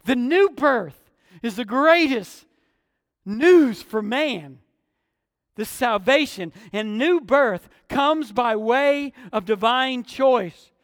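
A male pastor preaches an emphatic sermon in a strikingly high voice, stressing key words and dropping into quieter asides, with lively intonation and a slow pace. The close, dry mic still picks up a long reverb fading through the sanctuary.

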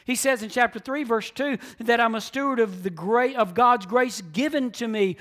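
A man with a notably high voice delivers a sermon as pastor. He moves between hushed, almost whispered lines and loud, emphatic passages, driving his points home by repeating key phrases. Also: normal speed.

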